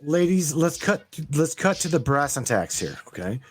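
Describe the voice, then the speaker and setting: A man's voice: on the high side, very animated, moderate pace, a crowd in the background. A man hosting a call-in show, emphatic and often stammering, sympathetic to his guest. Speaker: host.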